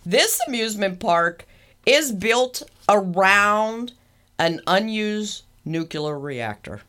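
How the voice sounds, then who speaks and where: A woman co-hosting a casual chat, animated and laughing often as she teases her co-host. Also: medium pitch, slow. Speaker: podcast co-host.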